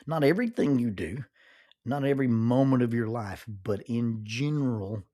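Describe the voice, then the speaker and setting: A man giving a reflective, faith-based talk as a podcast host, earnest and halting, often repeating words as he starts a phrase and slowing down to stress key words. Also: medium pitch, warm tone.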